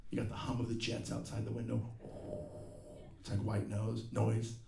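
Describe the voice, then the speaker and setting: The voice is lowish and gravelly, delivered completely flat at a normal speed, with background noise behind it. A middle-aged man does a profane, ranting stand-up set live in a comedy venue, acting out other people's lines. The room is roomy and filled with crowd laughter.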